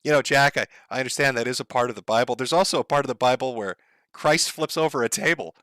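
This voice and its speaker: A man's voice: medium pitch, quick pace, a bit bright, no room sound, clean studio sound. A man giving mocking, profane online commentary, sarcastic and laughing at his own jokes.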